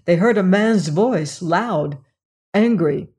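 A woman reading a mystery novel aloud as the host, in a measured, unhurried storytelling manner. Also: fairly low pitch, warm tone. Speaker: audiobook narrator and host. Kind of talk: scripted narration of a mystery novel.

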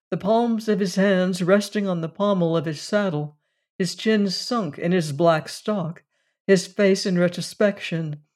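A narrator reading a classic mystery story aloud in a measured, deliberate way. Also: mid-range voice, darkish tone.

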